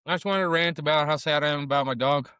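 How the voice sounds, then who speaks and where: He's a middle-aged comedian who vlogs about food, and in this casual taco review shot on camera at the restaurant his voice runs high, quick, bright, and forceful. Profane and rambling, he shifts from the sounds of eating to tearful confessions of grief. The tone is clean, with no room sound.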